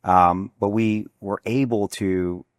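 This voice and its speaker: A man in his forties, a restaurant executive, telling stories in an interview, animated and acting out dialogue with many restarts. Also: on the low side, slow, dry recording, studio quality. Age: 40s. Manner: animated storyteller, acts out dialogue, frequent restarts. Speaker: restaurant chain executive, guest. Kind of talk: conversational interview storytelling.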